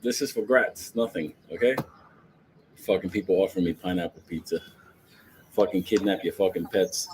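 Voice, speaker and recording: A man's voice: low-pitched, moderate pace, long pauses, noisy background. A man, ranting about the stock market to his viewers in a brash, profane, joking way, laughing often.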